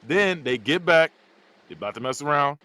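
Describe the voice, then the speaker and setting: A man hosting a podcast, recapping a movie in an animated, casual way with frequent laughs. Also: fairly high pitch, moderate pace, clear, resonant tone. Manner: animated storytelling, laughs often. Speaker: podcast host.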